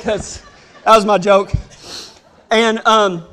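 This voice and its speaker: A man's voice: high-pitched, fairly even intonation, a little fast, a bit bright. A man telling a humorous personal story in a folksy, drawling way. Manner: folksy, drawling, self-amused.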